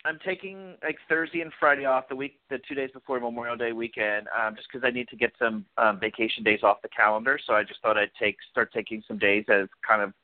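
A man co-hosting a podcast in casual chat, relaxed and rambling with fillers. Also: medium pitch, brisk, few pauses, no echo. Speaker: podcast co-host. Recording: dry, phone-like sound.

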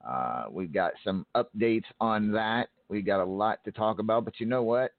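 Male host, low voice, halting delivery, dry tinny line. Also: no room sound. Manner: halting, stumbling restarts. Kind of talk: casual show hosting.

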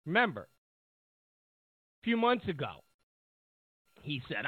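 A man's voice: a little high, expressive, takes it slowly, pauses often, dry recording. A male talk show host giving sarcastic political commentary, rambling with lots of fillers. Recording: tinny phone-like line.

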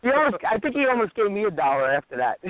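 A man's voice: high-pitched, rapid-fire, no echo. A man co-hosting a radio talk show, telling stories animatedly, swearing and acting out other people's lines. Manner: animated, profane, acts out quotes. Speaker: radio co-host. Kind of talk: casual storytelling chat. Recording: tinny phone-like radio audio.

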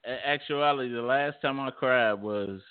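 A man's voice: mid-range voice, normal speed, clear, resonant tone. A middle-aged man in casual chat, stammering and laughing as he tells stories. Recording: tinny phone-like audio.

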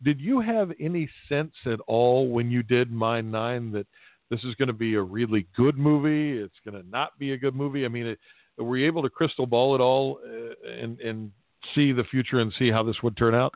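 A man's voice: mid-range voice, moderate pace, no room sound. A man hosting a podcast interview, asking long, rambling questions. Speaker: podcast host. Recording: tinny phone-like audio.

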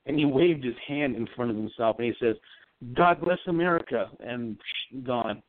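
A man's voice: mid-range voice, normal speed, dry recording. A man, a psychic medium, telling a long personal story in a rambling, earnest way during a casual call-in interview. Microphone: phone. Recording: tinny dry phone line.

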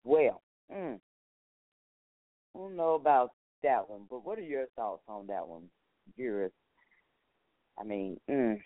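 A man's voice: medium pitch, animated, takes it slowly, long pauses, no room sound. A man hosting his own talk show in a casual, folksy monologue, chatting to listeners and calling them honey, a little tired. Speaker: show host. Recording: tinny phone-like line, dry.

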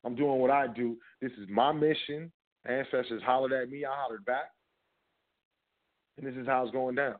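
A man's voice: mid-range voice, steady tone, moderate pace, long pauses. Emphatic man over phone-like audio. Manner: conversational and emphatic, with repeated filler phrases. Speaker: podcast host. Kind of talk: casual instructional talk. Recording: phone-like narrow band audio.

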